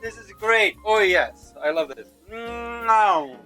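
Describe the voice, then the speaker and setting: A man's voice: high-pitched, lively intonation, slow pace, bright, forceful tone, soft background music. Enthusiastic man tasting cookies. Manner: enthusiastic, laughing, crude. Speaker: guest taste tester. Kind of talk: casual reactions while tasting food.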